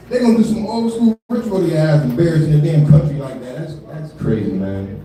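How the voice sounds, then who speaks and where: Quick and rarely pausing, a stand-up comic in his thirties uses a highish, mellow voice for a loose, profane live set, laughing often and falling back on filler tags. The recording comes from far away in an echoey comedy venue.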